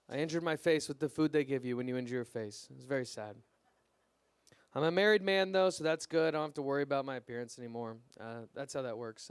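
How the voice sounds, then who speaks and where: A young man performing a stand-up comedy set at an open mic, deadpan and self-deprecating, his punchlines trailing off quietly. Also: on the high side, clear, resonant tone, no echo. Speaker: stand-up comic.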